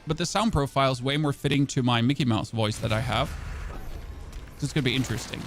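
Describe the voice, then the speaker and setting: This game streamer, a native German speaker, talks fast in a mid-range voice while casually chatting with his live chat. His talk is rambling and self-deprecating, full of restarts.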